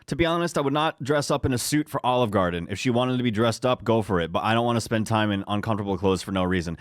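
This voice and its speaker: Male podcast co-host, clear tone, dry close mic, joking and teasing. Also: on the low side, fast, hardly any pauses, no echo. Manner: joking, mock-judgmental banter. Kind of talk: casual comedic chat.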